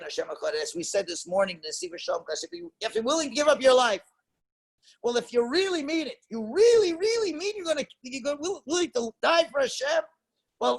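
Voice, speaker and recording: A rabbi with a strikingly high voice leads a Torah class. He speaks emphatically, tosses out rhetorical questions and moves between loud stresses and quiet asides. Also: creaky, breathy edge. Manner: emphatic, rhetorical questions, mixes Hebrew and Yiddish terms. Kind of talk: Torah class lecture to a congregation.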